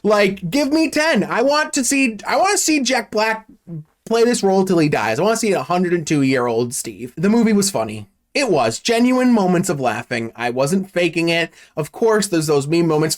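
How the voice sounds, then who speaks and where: Animated, sarcastic man recapping a film. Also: sits high, normal speed. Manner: sarcastic, profane, animated storytelling. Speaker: YouTuber reviewing a film. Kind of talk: casual movie recap and review.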